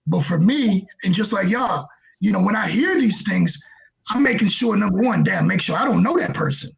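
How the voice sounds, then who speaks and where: Brooklyn man in his forties, high and gravelly, earnest and halting, casual podcast co-host. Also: lively intonation, muffled recording. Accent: New York. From Brooklyn, New York. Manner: earnest, repeats words as he gathers his thoughts.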